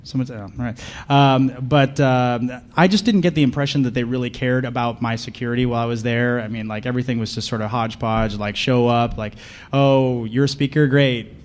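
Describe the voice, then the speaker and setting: Speaking quickly in a medium-pitched voice, this conference speaker delivers a comedy talk. His humor is deadpan and sarcastic, and he trades banter with the crowd from the stage.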